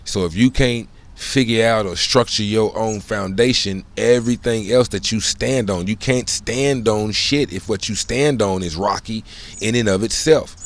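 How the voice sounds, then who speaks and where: A man speaks in a fairly low voice, talking on his own in a casual, winding monologue. He leans on street slang and swearing. He keeps checking in with the listener. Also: moderate pace. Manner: rambling, loose slang, frequent "you know what I'm saying"; profane, conversational. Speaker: solo channel host.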